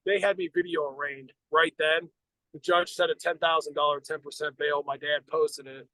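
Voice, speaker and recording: A middle-aged American man tells a personal story on a podcast, bluntly and full of profanity, circling back and restarting his sentences. His voice sits a little higher than most men's. The sound is dry and close, with no room behind it. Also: steady tone, moderate pace, bright, forceful tone, dry recording, low-quality recording. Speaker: podcast co-host. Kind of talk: casual storytelling.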